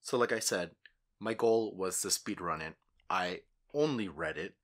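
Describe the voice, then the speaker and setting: Laid-back low-voiced young man. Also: measured pace, fairly bright tone. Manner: laid-back, swears casually. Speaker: podcast co-host. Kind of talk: casual chat.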